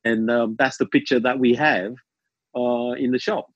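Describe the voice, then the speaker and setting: A man's voice: medium pitch, moderate pace, no room sound, lo-fi sound. A man telling a long anecdote in casual conversation, with many ums and restarts. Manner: rambling, many ums and restarts, lively quoted asides. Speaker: guest. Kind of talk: casual storytelling.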